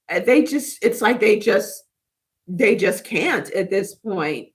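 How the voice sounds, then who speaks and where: A woman with a fairly high voice, talking in a loose, rambling way on a spiritual livestream. She chats casually with viewers and reacts to their comments as they come in. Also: expressive, slow, fairly bright tone. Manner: rambling, chatty, reads and answers live comments. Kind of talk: casual live chat with viewers.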